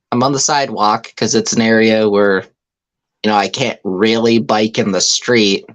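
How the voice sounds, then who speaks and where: Speaker, casual podcast chat, frustrated profane storytelling, frequent restarts, mid pitch. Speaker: podcast co-host.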